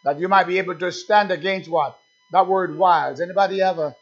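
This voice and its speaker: A man's voice: sits high, fairly quick. A man preaching a sermon, emphatic and repetitive, calling out "amen" between points. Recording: dull lo-fi sound.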